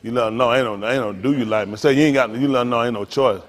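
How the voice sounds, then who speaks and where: A middle-aged man pastor, teasing and preaching to his congregation in a joking, animated way. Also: mid-range voice, racing. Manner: animated, teasing, talks straight to the crowd. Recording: long hall reverb.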